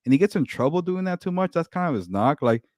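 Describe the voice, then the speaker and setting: A man co-hosting a sports podcast in casual chat, excitable, repeating words and laughing often. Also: a little high, fast talker, no room sound, clean studio sound.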